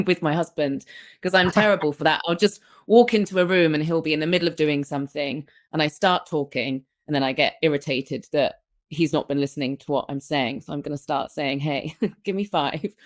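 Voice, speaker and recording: A young woman hosting a podcast interview, attentive and affirming, speaking casually with light laughter. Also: sits low. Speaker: podcast host. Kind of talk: interview conversation.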